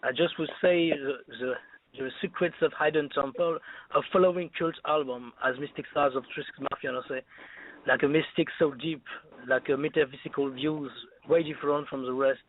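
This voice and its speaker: Halting caller on a phone line. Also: male voice, on the high side, fairly even intonation. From France. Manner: halting, searching for words. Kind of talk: phone-in question. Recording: tinny phone line on radio.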